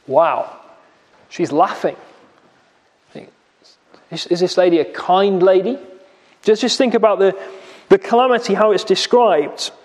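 A man's voice: sits high, a little slow, long pauses, a little mellow, in a large hall. A man preaching a sermon in a church, explaining a passage with rhetorical questions and vivid retelling.

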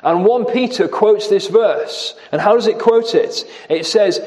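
A man with a high voice delivers an evening sermon and walks through a passage verse by verse. He slows right down on the quoted lines and leans hard on repeated words. At times he drifts back from the microphone. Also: darkish tone. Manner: slows and stresses quoted scripture, emphatic repetition. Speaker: preacher. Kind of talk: expository sermon.

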